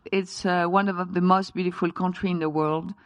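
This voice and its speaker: A woman's voice: on the low side, steady tone, moderate pace, clear, resonant tone, lo-fi sound. A woman with a French accent, French-born, speaking as a chef guest in a live on-stage interview, passionate and emphatic, with non-native grammar. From France.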